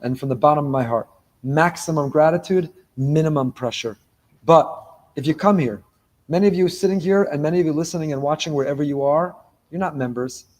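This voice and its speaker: A man preaches a sermon to a synagogue congregation, his voice pitched a touch high with a soft, mellow tone. He drives points home by repeating phrases and threads Hebrew words through his talk. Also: brisk. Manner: emphatic, repeats key phrases, weaves in Hebrew terms. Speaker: rabbi. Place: synagogue before a live congregation.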